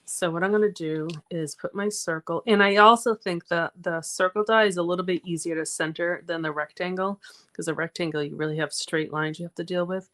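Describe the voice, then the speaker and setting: A woman's voice: on the low side, fairly even intonation, fairly quick, fairly bright tone. A woman from Massachusetts hosting a card-making livestream, chatting casually as she works and reads out viewer comments. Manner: chatty, talks through her crafting steps and reads out viewer comments. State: out of breath. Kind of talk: casual craft livestream chat.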